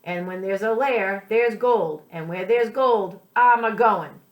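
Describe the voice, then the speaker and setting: A woman's voice: medium pitch, slow pace, lo-fi sound, close to an everyday voice. A woman voicing a greedy, stubborn male pirate captain with blustering pirate talk in a storybook read-aloud. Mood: scheming. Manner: pirate dialect, blustering exclamations.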